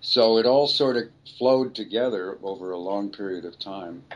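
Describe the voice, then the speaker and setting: Dull audio with slight background noise captures an older man's fairly low voice at normal speed. A voice actor guest in an interview, he spins rambling anecdotes and often stops to correct himself mid-sentence.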